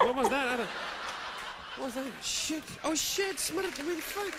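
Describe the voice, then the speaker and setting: Animated man doing stand-up, high voice. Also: normal speed, a loud crowd. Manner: animated, playful delivery. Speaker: stand-up comedian. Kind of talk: stand-up comedy routine. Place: stage before a live audience. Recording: live stand-up with audience noise.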